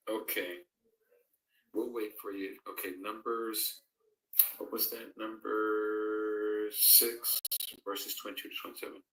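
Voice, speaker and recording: A man's voice: lowish voice, fairly even intonation, unhurried, pauses often, a bit bright, recorded from a distance. A man hosting a live-streamed Bible fellowship, chatting casually, reading out and answering viewers' comments, and reading scripture aloud. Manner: reads out viewers' comments and answers them conversationally. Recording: echoey room, voice away from the mic.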